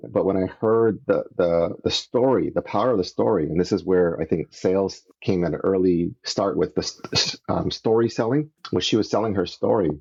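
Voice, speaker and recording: A man from Canada, a podcast guest, telling his story in an earnest, animated way and acting out the voices he quotes, on dull lo-fi audio. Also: low-pitched, husky. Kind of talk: casual storytelling interview.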